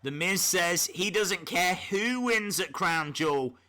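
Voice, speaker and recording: A man with a high, bright voice hosts a live reaction stream. He talks at an unhurried pace, chatting with bursts of excitement and muttering to himself as he works. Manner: mutters to himself while fiddling.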